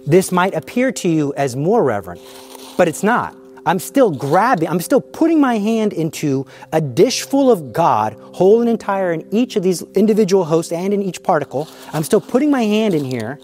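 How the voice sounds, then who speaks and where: A man's voice: sits high, big pitch swings, normal speed, darkish tone, faint music behind. A man giving a fervent, emphatic teaching on the Eucharist, demonstrating with the hosts as he speaks and asking rhetorical questions.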